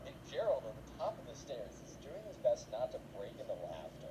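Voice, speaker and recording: A man's voice: mid-range voice, fairly quick, few pauses. A young man casually telling a long story, rambling with many fillers and acting out voices. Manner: rambling, filler-heavy, animated. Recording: noisy background.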